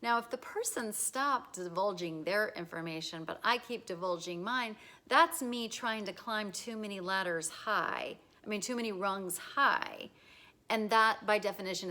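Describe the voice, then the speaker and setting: A woman giving a casual talk, acting out short dialogues in lively voices and often repeating herself. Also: mid-range voice. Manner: acts out little dialogues in bright voices; repeats words, restarts, fillers. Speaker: teacher.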